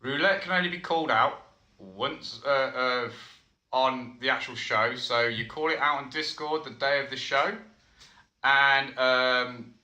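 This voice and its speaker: Bright-voiced man, chatty host. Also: medium pitch, measured pace, dull audio. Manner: chatty, rambling, hesitant with fillers. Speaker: show host. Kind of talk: casual streamed wrestling commentary chat. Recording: echoey room.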